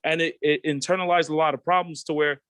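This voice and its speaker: A man's voice: on the high side, steady tone, fast, fairly bright tone, clear, resonant tone, no echo. A man from the Pacific Islands, a panel guest who talks in a reflective, earnest way over a video call. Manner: reflective, earnest, acts out quoted voices. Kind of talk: candid panel discussion.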